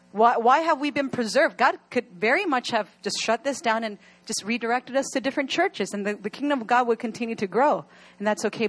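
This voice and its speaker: A young adult woman preaching an earnest sermon to her church, at times crying as she pleads. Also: a little high. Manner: earnest, rising to emotional pleas. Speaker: pastor.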